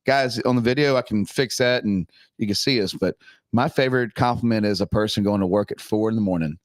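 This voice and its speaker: A man's voice: fairly low pitch, fairly quick, dry recording. A man hosting a casual podcast chat, blunt and swearing freely. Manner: profane, laughing, blunt. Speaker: podcast host. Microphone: desk podcast mic.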